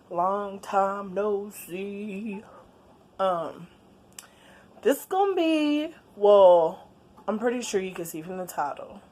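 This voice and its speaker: A woman, chatting casually in a late-night home vlog, laid-back with quiet asides. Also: medium pitch, animated, takes it slowly. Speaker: vlogger. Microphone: camera on a stand.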